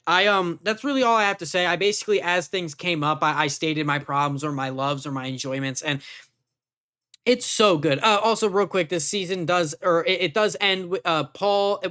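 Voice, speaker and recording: A show reviewer talking casually and with excitement, gushing, swearing freely and repeating themselves. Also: medium pitch.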